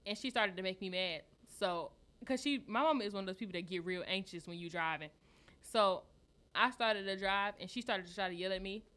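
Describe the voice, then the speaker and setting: A woman co-hosting a podcast, telling stories in loud, profane casual chat and laughing often. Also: medium pitch, fairly quick, smooth. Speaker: podcast co-host.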